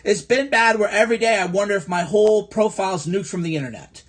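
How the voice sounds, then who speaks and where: A man's voice: sits high, fast talker. A man from the American Midwest hosting a livestream, ranting angrily and sarcastically with lots of profanity and repetition. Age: adult. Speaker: livestream host. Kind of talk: ranting political livestream monologue. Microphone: phone livestream.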